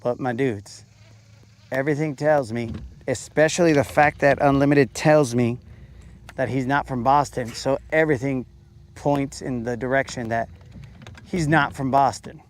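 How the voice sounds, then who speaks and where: A man's voice: medium pitch, fairly even intonation, unhurried, a little hiss or hum. A man hosting a fishing show, giving laid-back, joking commentary from a boat on a lake.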